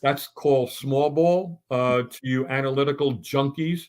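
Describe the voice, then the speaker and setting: A man's voice: medium pitch, measured pace, a little mellow. A middle-aged man on a sports talk round table, ranting bluntly and stumbling through restarts as he builds his points.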